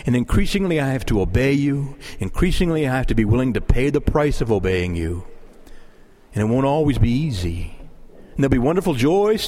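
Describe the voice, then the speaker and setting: A man preaching a sermon, animated and pleading as he moves between teaching and prayer. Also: medium pitch. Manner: lively, rising to impassioned pleading in prayer. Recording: long hall reverb.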